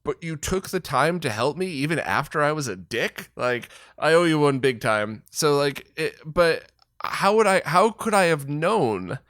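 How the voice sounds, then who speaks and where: Outspoken male host, higher voice, dry close mic. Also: measured pace, no room sound. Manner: frank and animated, swears freely. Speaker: host, retro gaming video creator. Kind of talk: casual conversation.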